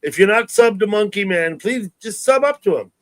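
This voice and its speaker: A man's voice: high-pitched, animated, normal speed, a bit bright, dry recording. A man hosting a live stream, chatting casually in an easygoing way and greeting viewers by name.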